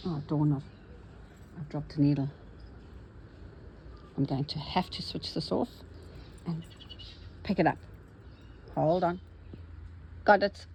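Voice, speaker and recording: Gravelly-voiced woman chatting while stitching. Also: sits low, steady tone, slow pace, pauses often, mellow, a little hiss or hum, low-quality recording. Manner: cheerful, talks to herself while stitching. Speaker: embroidery vlogger. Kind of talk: chatty stitching vlog narration.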